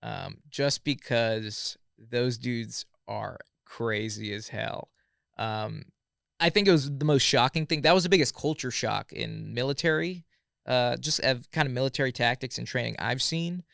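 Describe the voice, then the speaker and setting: A man in his thirties with a heavily gravelly, fry-laden voice spins loose stories as a podcast guest, peppering everything with "like." The sound is close and dry, with no room around it. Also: medium pitch, a little slow, a bit bright, dry recording. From Southern California. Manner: laid-back, full of "like" and "yeah, yeah, yeah". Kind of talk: casual storytelling chat.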